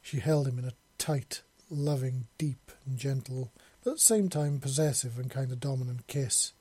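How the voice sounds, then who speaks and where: A man narrating a romance story as an audiobook, steady, with small self-corrections. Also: medium pitch, moderate pace, husky, no room sound.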